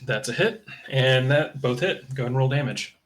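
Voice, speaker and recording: A man's voice: mid-range voice, lively intonation, moderate pace. A man narrating a tabletop game as game master, in a casual, loose style with fillers like "kinda" and "uh".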